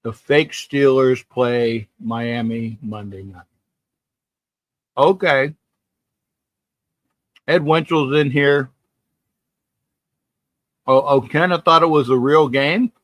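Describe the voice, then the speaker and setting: A man's voice: mid-range voice, slow pace, long pauses, fairly bright tone, dry recording. A man hosting a live sports talk stream, chatting casually and reading viewer comments, rambling and often repeating himself. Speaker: sports talk livestream host.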